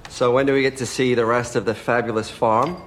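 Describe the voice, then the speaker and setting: A man's voice: medium pitch, steady tone, a little fast, natural voice. Guy playing polite publishing visitor, kinda awkward, faint hiss.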